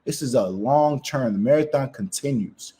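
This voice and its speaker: A man's voice: mid-range voice, moderate pace, mellow, a little hiss or hum. Emphatic man coaching on sales. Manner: emphatic, keeps asking "right?", acts out phone calls. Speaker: sales closer guest. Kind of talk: motivational sales advice chat.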